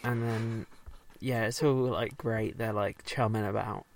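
A man casually recapping a show, rambling, swearing often and slipping into quick silly character voices. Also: on the low side, fairly even intonation, creaky, no echo. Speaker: podcast co-host recapping a show. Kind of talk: casual chat.

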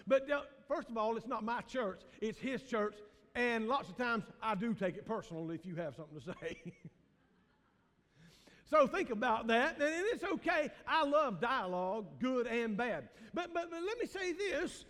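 A man's voice: extremely high pitch, lively intonation, moderate pace, a bit bright. A man, a pastor preaching a sermon in a folksy way, asking the congregation questions and laughing often. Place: church sanctuary. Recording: long reverb of a church hall.

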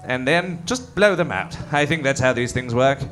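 A man's voice: medium pitch, moderate pace, over loud music, close to an everyday voice. A man playing a blustering train captain. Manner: bossy, blustering, lively. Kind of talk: improvised comedy.

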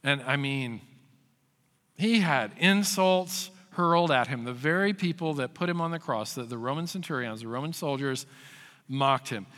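Male pastor, sermon delivery, bright, slightly high voice, swings from loud to hushed, long hall reverb. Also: expressive, moderate pace. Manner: storytelling, shifting from loud acted quotes to hushed emphasis.

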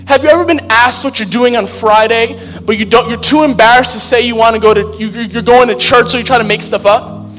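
A man's voice: very high voice, steady tone, brisk, fairly bright tone. A man, a pastor, preaching a sermon in a conversational, humorous way in a large church hall. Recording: long hall reverb with faint music.

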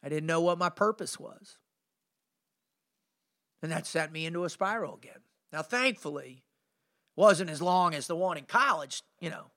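A man's voice: on the high side, normal speed, long pauses. A middle-aged man hosting a podcast and telling his story as a motivational speaker, intense and emphatic, with lots of casual filler like "man" and "you know". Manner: energetic, informal, peppers speech with "man" and "you know".

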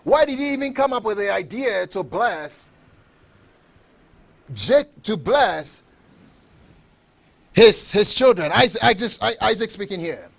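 A man preaching a sermon with emphatic delivery, repeating phrases and bursting into shouts. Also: high-pitched, expressive, slow, vocal fry, long pauses.

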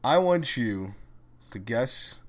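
A man's voice: mid-range voice, very animated, takes it slowly, fairly bright tone. A young man co-hosting a podcast, chatting casually and playfully and slipping into goofy bits. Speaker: podcast co-host. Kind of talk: casual comedic chat.

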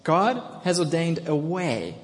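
A man preaching a sermon to his congregation, telling a story with repeated phrases and building to loud, emphatic calls. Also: on the high side, sing-song, takes it slowly, slight background noise. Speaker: pastor. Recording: long reverb of a large hall.

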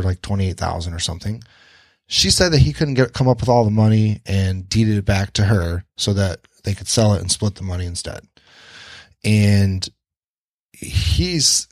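A man hosts a podcast and tells a story in a loose, casual way, acting out what each person said and swearing freely. His voice sits somewhat low. The recording is dry and close, with no room sound. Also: no room sound. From Detroit area. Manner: swears freely, acts out quoted dialogue. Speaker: podcast host.

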